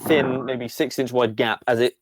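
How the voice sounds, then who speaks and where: A man's voice: mid-range voice, fairly even intonation, normal speed, no echo. A man narrating a tabletop game as game master, with a rambling, playful delivery full of fillers.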